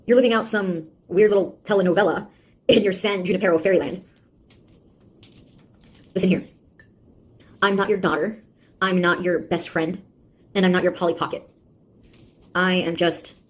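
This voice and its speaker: A woman's voice: on the low side, steady tone, moderate pace, pauses often, husky. An actress playing a sarcastic young woman, a beta tester who mocks and scolds a nosy AI in a one-sided audio drama. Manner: mocking, taunting, exasperated.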